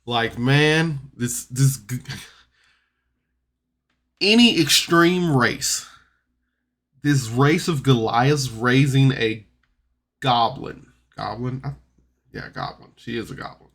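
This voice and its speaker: A man talks through a podcast recap of a tabletop game in a loose, rambling way. His voice sits at an ordinary middle pitch. He stops and restarts a lot, filling the gaps with ums and uhs. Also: takes it slowly, pauses often, fairly bright tone. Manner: rambling, chatty, many fillers and restarts. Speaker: podcast reviewer.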